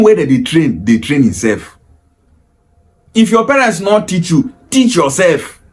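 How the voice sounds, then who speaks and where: A man's voice: sits high, a bit bright. A man with a Nigerian accent giving an emphatic, preachy monologue full of rhetorical questions. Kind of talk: impassioned monologue in Pidgin and Igbo.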